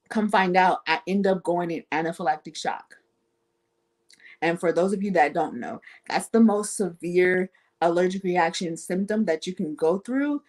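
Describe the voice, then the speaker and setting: A woman guest on a talk show, telling a personal story casually and acting out the voices of the people in it. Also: fairly low pitch. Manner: animated, acts out quoted voices.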